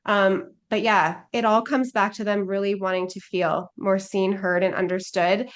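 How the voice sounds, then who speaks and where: A woman's voice: mid-range voice, fairly even intonation, normal speed. A woman life coach talking as a podcast guest, with a mid-range voice. She speaks earnestly and thoughtfully and fills her sentences with casual likes. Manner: earnest and reflective, many filler likes. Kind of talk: casual interview chat.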